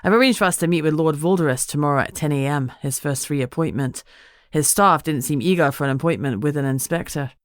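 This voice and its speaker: A woman voicing a dry, blunt male inspector who talks in a flat, matter-of-fact way, in a dry audiobook recording. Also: sits low, fast talker, no echo, close to an everyday voice.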